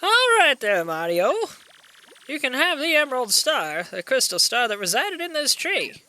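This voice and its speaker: A man putting on a squeaky little old creature lady. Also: big pitch swings, moderate pace, pushed and bright, heavily acted. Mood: gracious. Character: elderly tiny creature woman, village elder.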